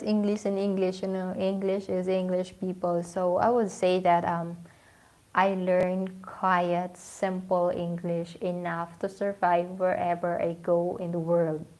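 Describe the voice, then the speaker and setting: A chatty woman from the Philippines, whose first language is Filipino, hosts a casual livestream chat in a Filipino-accented voice that is on the low side and a little mellow. She uses many fillers and restarts, saying "you know" a lot.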